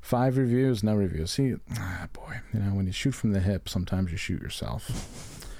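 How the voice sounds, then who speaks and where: A man's voice: fairly low pitch, normal speed, vocal fry, warm tone, no echo. A man co-hosting a casual comedy podcast, laughing and swearing as he reads reviews aloud. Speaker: podcast co-host.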